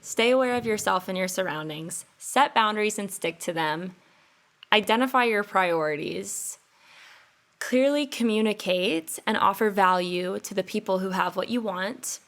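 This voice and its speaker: A woman's voice: medium pitch, moderate pace, a bit bright. Upbeat young woman giving life advice. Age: 20s. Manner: earnest, coaching, direct address to listener. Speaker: podcast host. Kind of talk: solo advice podcast monologue.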